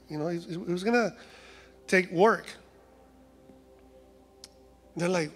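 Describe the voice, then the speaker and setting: A man's voice: high voice, normal speed, breathy edge, long reverb tail, soft background music. A man from Mexico with a Mexican Spanish accent, preaching a humorous sermon in a church. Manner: humorous, acts out voices of complaining people. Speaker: guest preacher. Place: church sanctuary.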